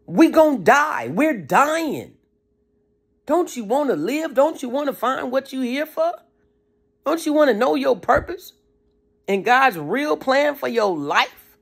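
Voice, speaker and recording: Speaker putting on shrieking tired organs: high, urgent, gravelly, set back from the mic. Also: lively intonation, slow, heavily acted. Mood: desperate. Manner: urgent screaming pleas. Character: overworked body organs, desperate and shrill.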